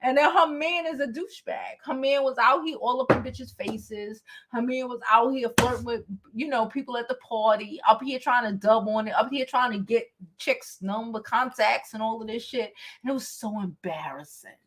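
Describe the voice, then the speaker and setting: A woman vlogger chats through a story in a casual storytime style, her voice pitched high. She is animated and swears freely, and laughter keeps slipping into her telling. Her tone is sharp and bright. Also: normal speed, hardly any pauses. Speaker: beauty vlogger.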